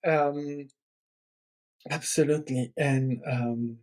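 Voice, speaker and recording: Slow, hesitant man podcaster. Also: medium pitch, fairly even intonation, darkish tone. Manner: hesitant, halting, with fillers and laughs. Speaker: podcast co-host. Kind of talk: casual podcast conversation.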